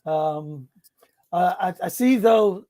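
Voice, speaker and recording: A Northeast English man with a high-pitched voice speaks as an interview guest. He stops and repeats words often, but he stays good-humored throughout. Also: expressive, slow pace, warm tone. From Northeast England. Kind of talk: interview conversation.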